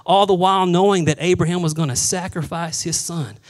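A male pastor preaching a sermon, animated, acting out the voices of Bible figures and dropping to a hush for solemn moments. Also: high-pitched, brisk, poor audio. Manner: drops to a hushed voice for solemn moments.

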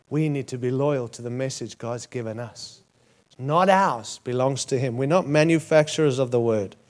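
A man's voice: medium pitch, a little mellow. A man with an Australian accent preaching a sermon as pastor, emphatic and building to punchy repeated phrases.

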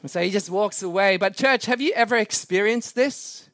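Male preacher, high register, sermon storytelling, jokes at his own expense, dry close recording. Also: normal speed, no echo. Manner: animated, self-mocking anecdotes with laughs.

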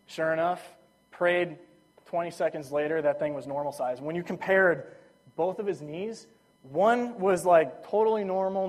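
A young man preaching a sermon, telling stories in a casual, enthusiastic way with lots of fillers. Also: fairly high pitch. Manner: casual, enthusiastic storytelling with frequent "like".

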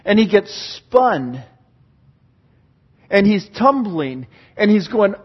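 A man preaching a sermon in an earnest style, swinging from hushed passages to fervent ones. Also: sits high, sing-song, slow pace, long pauses, slightly rough, muffled recording. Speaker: pastor.

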